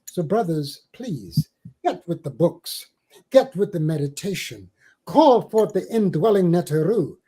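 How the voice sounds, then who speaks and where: Older guy from the islands, mellow voice pitched a bit high, talks like he's reciting poetry, big swells and dips. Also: big pitch swings, breathy edge, rough recording. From Caribbean islands. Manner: slow, theatrical recitation with big swells and drops. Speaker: interview guest, spiritual teacher. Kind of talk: storytelling and dramatic poetry recital.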